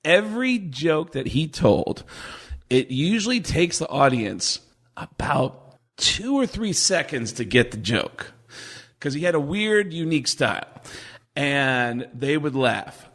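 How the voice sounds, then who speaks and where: A male comedian, a podcast guest, telling stories in an animated way in casual conversation and acting out other people's voices. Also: fairly high pitch, slow pace.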